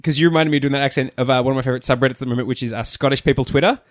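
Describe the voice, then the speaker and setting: A man's voice: medium pitch, steady tone, rapid-fire, no room sound, clean studio sound. A man co-hosting a podcast, chatting casually and rambling through stories with lots of asides. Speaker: podcast co-host. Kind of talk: casual chat.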